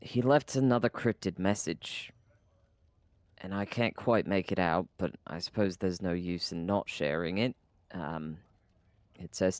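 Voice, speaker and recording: A man playing in a tabletop game, reading a letter aloud in a measured, hesitant way. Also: deep voice, no room sound.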